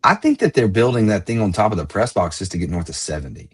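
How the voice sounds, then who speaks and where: A man's voice: lowish voice, very animated, fast, breathy edge. A man co-hosting a sports podcast, thinking aloud in a rambling, conversational way. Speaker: podcast co-host. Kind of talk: casual sports chat.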